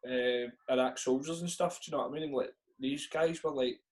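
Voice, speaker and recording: A man's voice: mid-range voice, steady tone, brisk, darkish tone. A man with a Scottish accent, an easygoing podcast guest in casual chat. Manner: easygoing, says "aye" a lot.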